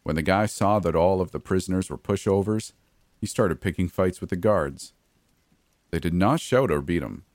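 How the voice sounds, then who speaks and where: A man's voice: low voice, moderate pace, darkish tone, no echo. A man narrating a first-person horror story in a gritty, blunt way, with frequent mild cursing.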